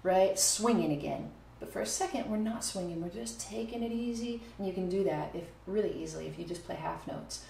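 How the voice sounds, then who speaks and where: Speaking a little fast with few pauses, a music teacher with a medium-pitched, creaky, mellow voice walks through her playing in a casual video lesson. She occasionally counts beats and scats short phrases aloud. Faint noise and echo fill the room.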